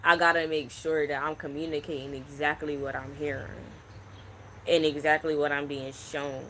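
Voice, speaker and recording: A man in his twenties giving an unscripted psychic reading, speaking slowly in a hushed, halting and emotional way. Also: fairly high pitch, flat delivery, a little hiss or hum. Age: 20s. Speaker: psychic channel host. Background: crickets and insects.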